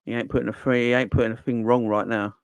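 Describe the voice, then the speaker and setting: A man hosting a casual football live stream, animated and slangy, answering the chat as he goes. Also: mid-range voice, fast, vocal fry, smooth, dry recording. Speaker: football channel host.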